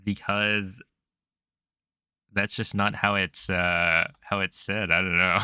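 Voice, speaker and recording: A man's voice: low-pitched, flat delivery, slow, pushed and bright, smooth, dry recording. A man streaming a video game, chatting casually and joking back and forth with his chat at a desk mic. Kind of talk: casual chat while gaming.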